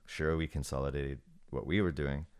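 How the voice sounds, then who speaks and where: Very deep-voiced man, measured and hesitant. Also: fairly even intonation, clear, resonant tone. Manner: measured, hesitant, thinks aloud. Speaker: podcast guest, former snowboard shop manager. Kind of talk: casual podcast conversation.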